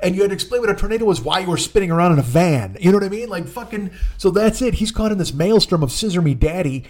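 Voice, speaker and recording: A man's voice: sits high, expressive, fast talker, darkish tone. A man telling a rambling, profane comic story in a casual podcast chat, acting out the people in it. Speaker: podcast host.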